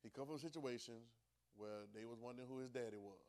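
Dialect-speaking preacher swinging from soft to loud. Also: male voice, medium pitch, quick pace. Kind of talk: sermon.

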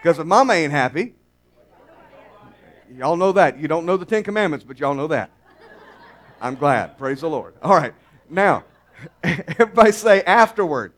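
A man preaching a sermon at a church service. He talks in a folksy, teasing way to the congregation and swells to emphatic near-shouts on key phrases. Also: on the high side, animated, moderate pace, long pauses. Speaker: pastor.

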